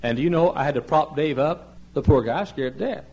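A male pastor delivering a sermon in a church sanctuary. His voice drops to a hushed, earnest plea, then climbs into loud, ringing cries. He tells folksy stories and acts out the people in them. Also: fairly high pitch, brisk, vocal fry, slightly rough, lo-fi sound. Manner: swings between hushed pleading and loud shouted emphasis.

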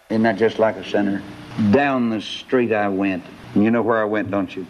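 A man's voice: lowish voice, steady tone, moderate pace. A man preaching a sermon in a folksy storytelling way, asking rhetorical questions as he goes. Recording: dull lo-fi recording.

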